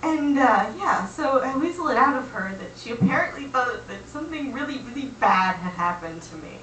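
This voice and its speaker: A young woman spins a casual comic story with lively, acted-out quotes and plenty of fillers. Her voice is bright and a little high. She sits away from the camera mic in an echoey room with a faint hiss. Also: normal speed, recorded from a distance. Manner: animated, acts out quotes, chatty fillers.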